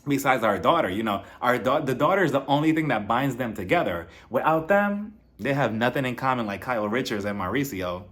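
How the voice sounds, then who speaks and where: A man's voice: mid-range voice, lively intonation, a little fast, few pauses, fairly bright tone. A man giving a casual, comedic recap of a reality show, chatty and sassy, laughing often.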